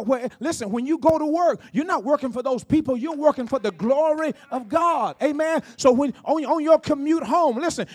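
A man preaching a sermon to his congregation, repeating phrases and calling out praise between points. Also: extremely high pitch. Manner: preaching with call-outs and repetitions. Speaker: pastor.

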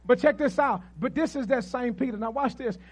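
A man preaching a sermon as pastor, telling a story with animated asides and repeated praise refrains. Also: extremely high pitch, a little fast.

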